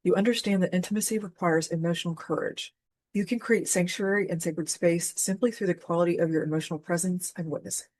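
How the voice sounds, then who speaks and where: Woman host talking candid and earnest, kinda low voice, dry close sound. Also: fairly even intonation, fast, a little mellow, no room sound. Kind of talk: personal storytelling and spiritual teaching.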